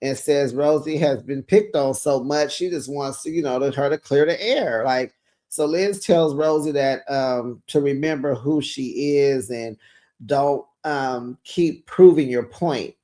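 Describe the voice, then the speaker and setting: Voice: medium pitch, measured pace, dark tone. Sassy gossiping reality-TV recap host. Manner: sassy, gossipy, exclaims and laughs while retelling. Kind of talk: casual reality-TV recap commentary.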